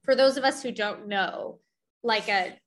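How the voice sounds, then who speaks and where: A woman's voice: on the high side, unhurried, low-quality recording. Young woman host asking casual questions. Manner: casual, uses lots of "like". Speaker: interviewer host. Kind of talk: casual interview chat.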